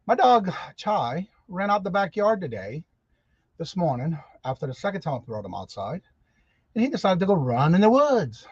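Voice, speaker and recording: A chatty man hosts a casual morning livestream, greeting viewers by name one by one between stretches of rambling storytelling. His voice sits a little on the high side. The sound is dull and dry, with no room echo. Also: big pitch swings, normal speed, husky. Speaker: host.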